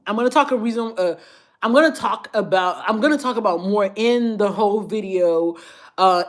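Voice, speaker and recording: A middle-aged woman hosting a chatty live Q&A, reading out viewer comments with lots of laughter and animated swings between high squeals and low asides. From daughter of immigrant parents, living in the Baltimore area. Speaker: lifestyle and fashion creator.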